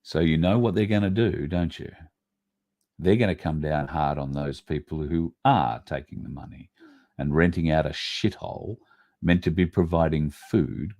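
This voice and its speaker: Extremely low in pitch, a man's voice carries fairly even intonation at a moderate pace as he hosts a livestream. He reads out viewer comments while ranting bluntly, swearing and erupting in sudden loud bursts.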